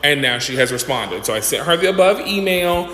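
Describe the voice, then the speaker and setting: In an echoey, reverberant room with faint background noise, a man tells a dramatic storytime, casually commenting and acting out whoever he quotes with animated flair. His voice is slightly high and a little fast.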